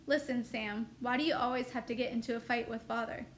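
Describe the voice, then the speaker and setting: A cheeky young farm boy from a storybook, pert and teasing, as a woman reads him aloud. The voice sits high, with faint ambient noise behind. The dialogue is lightly voiced rather than acted. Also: steady tone, fairly quick, lightly acted. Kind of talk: reading a novel aloud.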